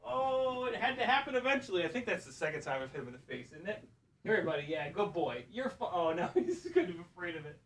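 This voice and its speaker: A man chatting casually while flying a drone on a live stream, excitable, laughing and swearing, talking to his dog. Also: sits high, fairly quick, slight background noise. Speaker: FPV drone pilot and streamer.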